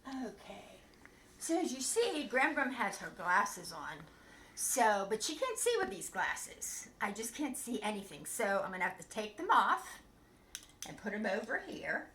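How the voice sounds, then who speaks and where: An older woman who hosts a children's bedtime story show, chatting in an animated, sing-song way with puppets. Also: a little high, unhurried, slight background noise. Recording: echoey room.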